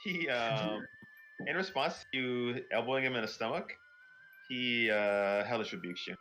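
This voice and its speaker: A man narrating a tabletop game as dungeon master, often laughing and pausing with fillers. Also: medium pitch. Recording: soft music behind.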